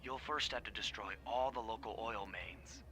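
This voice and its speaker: A man voicing a cool-headed male raccoon master thief who calmly lays out mission plans with dry humor. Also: on the low side, normal speed. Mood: wry. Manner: calm, wry, giving mission orders. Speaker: video game character. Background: game music.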